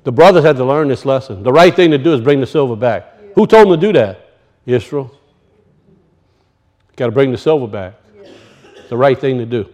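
A man preaching a sermon that teaches from a scripture passage, animated and often asking his listeners questions. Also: medium pitch, normal speed, pauses often. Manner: animated, asks the audience questions.

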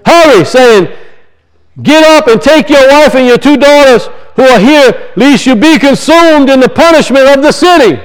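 A man preaching an impassioned sermon in a church, repeating phrases and swinging between loud emphasis and quiet. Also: very high voice, expressive, moderate pace, low-quality recording. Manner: impassioned, repetitive, rising and falling emphasis.

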